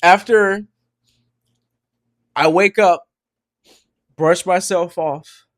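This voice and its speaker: High-voiced, unhurried man telling a rambling story. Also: steady tone. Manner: rambling storytelling, lots of swearing and restarts. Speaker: podcast co-host. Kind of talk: casual gaming podcast chat.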